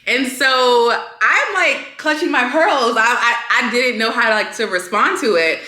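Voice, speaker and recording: A young woman vlogging, chatting casually to the camera in an animated way, full of fillers. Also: a little high, a little slow. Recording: echoey room.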